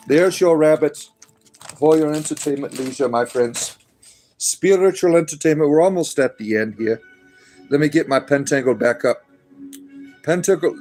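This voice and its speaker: A man's voice: medium pitch, warm tone. A middle-aged man hosting a casual livestream, rambling and chatting with viewers as he answers their comments. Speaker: livestream host.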